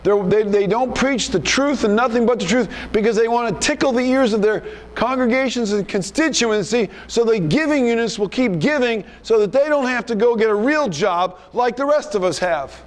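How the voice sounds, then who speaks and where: A man's voice: very high voice, moderate pace. A male pastor preaching a sermon in an emphatic, rebuking manner, often repeating himself.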